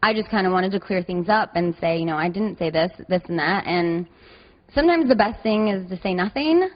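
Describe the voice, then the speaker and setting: A woman's voice: fairly low pitch, expressive, fairly quick. A woman answering interview questions earnestly and defensively, from a played clip. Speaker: interview guest. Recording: dull, reverberant archive clip.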